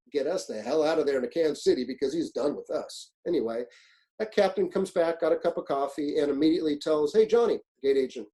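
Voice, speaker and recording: A man's voice: fairly high pitch, poor audio. A middle-aged man giving a webinar on fire service leadership, telling stories in a blunt, profane way and acting out what people said. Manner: animated storyteller, acts out quotes, blunt and profane. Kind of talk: webinar presentation, storytelling. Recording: webinar, own presentation.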